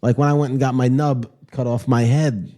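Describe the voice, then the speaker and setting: A man's voice: medium pitch, normal speed. A man co-hosting a comedy podcast, rambling in casual chat with lots of restarts. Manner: rambling, animated, with many restarts and laughs. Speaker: podcast co-host.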